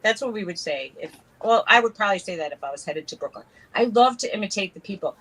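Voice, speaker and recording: A woman's voice: mid-range voice, expressive, fast, fairly bright tone, breathy edge, rough recording. A woman from New York with a New York accent, co-hosting a casual live-stream chat and telling stories between laughs. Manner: chatty, laughs often, tells stories. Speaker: co-host.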